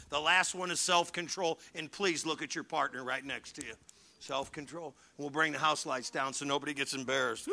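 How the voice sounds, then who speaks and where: A middle-aged man preaching a sermon as pastor, animated and joking with his congregation, swinging between loud and hushed. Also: fairly high pitch, gravelly. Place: church hall.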